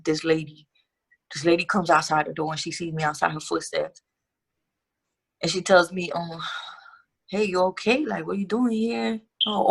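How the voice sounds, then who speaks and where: A woman's voice: sits low, creaky, a bit bright, slightly rough. A young woman guest telling her life story in a casual interview, candid and profane with street slang.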